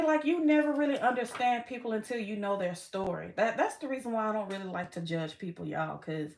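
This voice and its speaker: A woman's voice: mid-range voice, background noise. A woman doing a casual tarot reading vlog, chatty and frank, swearing freely and laughing often. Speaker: tarot reader.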